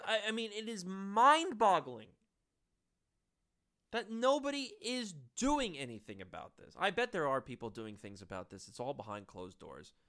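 Sarcastic woman commentator, lively pitch. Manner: sarcastic, exasperated, laughs at own jokes. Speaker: political commentator. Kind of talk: opinionated solo commentary.

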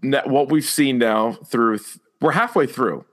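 A man co-hosting a casual podcast chat, animated and quick, jumping into a higher voice when acting out reactions. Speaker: podcast co-host. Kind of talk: casual chat about a TV episode.

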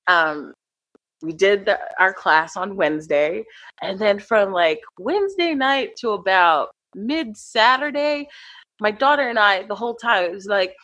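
A woman's voice: medium pitch, measured pace, no echo, muffled recording. A middle-aged woman who teaches acting and accents, chatting casually and laughing often as she tells stories. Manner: animated, laughs often, slips into quoted voices. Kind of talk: casual conversation.

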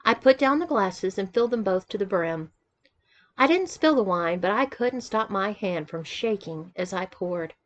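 A woman narrating a first-person story in a measured, even reading voice. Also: mid-range voice, dull audio. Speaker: audiobook reader.

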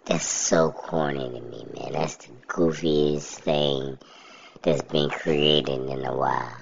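A man's voice: rumbling low, steady tone, slow pace, vocal fry, muffled recording, a little hiss or hum. A man in casual chat, ranting bluntly about things that annoy him.

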